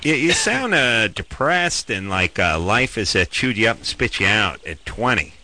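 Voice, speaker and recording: A man hosting a call-in radio show, teasing and crude, dropping suddenly into a low voice now and then. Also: very animated, moderate pace, sharp tone.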